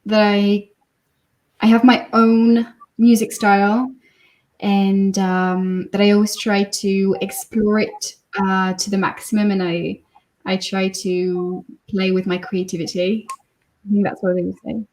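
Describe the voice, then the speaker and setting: A nineteen-year-old woman with a French accent, a singer-songwriter answering interview questions in a hesitant, soft-spoken way. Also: mid-range voice, little pitch movement, slow pace, a little hiss or hum.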